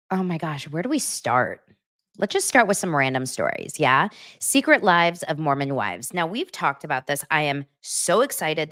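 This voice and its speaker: Low-voiced woman chatting about pop culture. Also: fairly bright tone, no echo, clean studio sound. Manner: chatty, gossipy, laughs often. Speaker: podcast host. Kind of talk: casual pop-culture chat.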